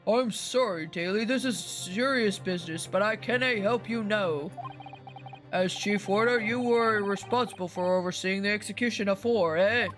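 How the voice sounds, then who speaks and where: A woman's voice: medium pitch, steady tone, faint music behind, close to an everyday voice. Woman doing a stern male official. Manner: formal, commanding, measured. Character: stern older male officials, prison governor and judge. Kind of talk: voicing game dialogue on a live stream.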